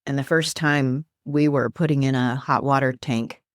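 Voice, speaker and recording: A woman guest who is a life coach and minister, talking earnestly about faith and quoting scripture in an animated, preacherly way. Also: very deep voice, normal speed, no echo, studio quality. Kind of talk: earnest faith-based teaching in conversation.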